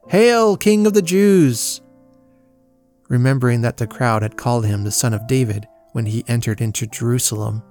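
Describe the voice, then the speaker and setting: A man reading a children's Bible story aloud, measured and solemn. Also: medium pitch, darkish tone. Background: faint guitar music.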